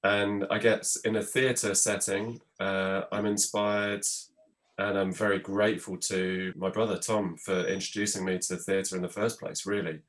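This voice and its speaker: A man with a very deep voice talks calmly on a panel. He sounds measured and reflective and often hedges with "I guess." He runs a theatre company. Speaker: theatre producer. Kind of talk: casual panel chat.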